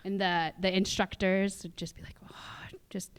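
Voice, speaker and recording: Her medium-pitched voice shows little pitch movement and keeps a moderate pace, sounding clear and resonant. Recorded on a theatre stage, she is a woman from Canada's Musqueam community giving casual personal stories as a guest speaker at a cultural sharing, with lots of fillers, restarts and laughs.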